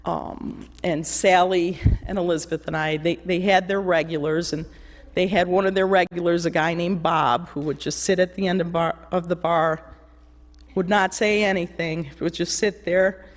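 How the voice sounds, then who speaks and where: A woman's voice: lowish voice, fairly even intonation, moderate pace. Woman telling laughing stories in a church. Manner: anecdotal, laughing, mimics voices. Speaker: eulogy speaker. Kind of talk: memorial remembrance. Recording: long church reverb.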